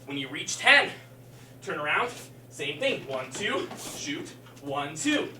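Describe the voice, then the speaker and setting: A man's voice: fairly high pitch, big pitch swings, takes it slowly, sharp tone. A male martial arts instructor leading a live-streamed workout, counting reps and calling cues while he exercises, slightly out of breath. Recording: echoey room, mic far off, faint hum.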